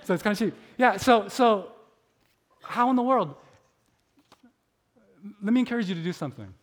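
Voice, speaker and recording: This middle-aged preacher has a high voice and preaches in a relaxed, chatty way, full of little likes and self-deprecating humor. His storytelling is animated, with his inner voice acted out.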